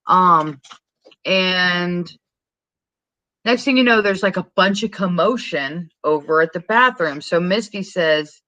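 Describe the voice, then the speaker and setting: A woman's voice: on the low side, expressive, normal speed, pushed and bright, no room sound, poor audio. A woman co-hosting a podcast, retelling a movie in a rambling, profane, casual way with frequent laughs. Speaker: podcast co-host. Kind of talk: casual movie recap chat.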